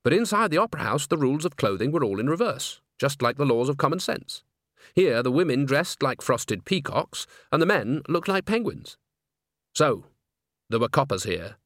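A man reading an audiobook in measured, wry scripted narration on a close microphone. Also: mid-range voice, sing-song, fairly bright tone, no echo.

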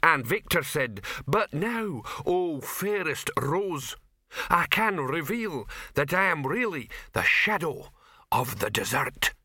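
A man voicing a gruff male troll, a film extra, talking bluntly and grumbling. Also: on the high side, sing-song, slow, pushed and bright, dry recording, clean studio sound, voice pushed up, full character voice. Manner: blunt, plain-spoken, grumbling.

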